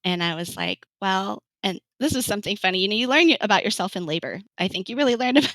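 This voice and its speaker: A woman's voice: mid-range voice, animated, quick pace, fairly bright tone, dry recording, low-quality recording. A woman in her thirties from California telling her birth story in an interview, chatty, laughing often and acting out what people said. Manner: chatty, laughs often, acts out quoted lines. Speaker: podcast guest.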